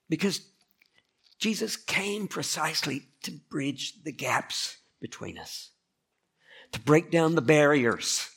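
A man's voice: medium pitch, gravelly, slightly rough. A male pastor preaching a conversational sermon, often turning to ask the listeners questions. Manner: conversational, asks the congregation questions.

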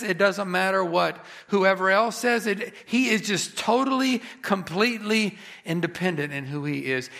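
A man preaching a sermon, emphatic, rising on key phrases and slowing down for effect. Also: high voice, vocal fry, pushed and bright. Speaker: pastor.

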